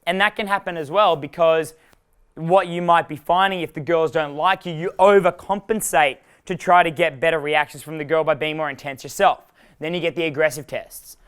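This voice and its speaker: A man's voice: on the high side, fairly even intonation, moderate pace, a bit bright, clear, resonant tone. Brash young man coaching a workshop. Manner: rambling, profane, laughs at his own jokes. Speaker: dating coach. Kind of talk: live workshop talk.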